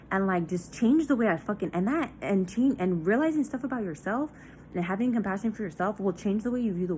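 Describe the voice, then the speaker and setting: A woman's voice: on the low side, darkish tone, a little hiss or hum. A young woman talking candidly in a personal diary vlog, raw and confessional, swearing often and full of fillers. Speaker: vlogger.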